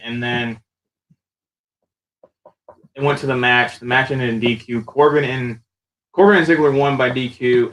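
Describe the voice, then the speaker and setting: A man hosting a casual chat, recapping a show in an animated, rambling way with frequent restarts. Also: medium pitch, poor audio. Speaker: show host.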